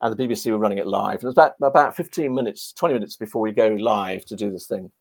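Animated man with a gravelly voice. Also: on the low side, quick pace. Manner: animated, anecdotal. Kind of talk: storytelling in a podcast interview.

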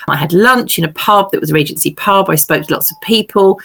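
Low creaky middle-aged English woman. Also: fairly quick. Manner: lively storyteller, self-deprecating. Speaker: novelist guest. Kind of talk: casual anecdotal chat.

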